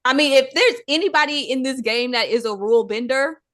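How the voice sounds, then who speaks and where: A woman's voice: high-pitched, brisk, fairly bright tone. A woman hosting a podcast in casual chat, teasing her co-hosts playfully. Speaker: podcast host.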